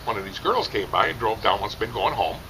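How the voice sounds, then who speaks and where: A middle-aged man telling a rambling, animated story, casually chatting outdoors at a barbecue competition. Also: lowish voice, brisk, noisy background.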